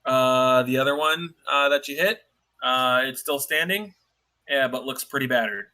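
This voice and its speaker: A man's voice: mid-range voice, moderate pace, bright, forceful tone. A man narrating as dungeon master in a tabletop game, in a loose style full of fillers.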